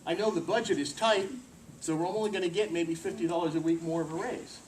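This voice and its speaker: A man gives a workplace presentation in a meeting room, lively and joking, tossing questions to the audience. His voice sits a touch high for a man and comes from a distant mic. A faint hiss runs under it. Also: fast talker.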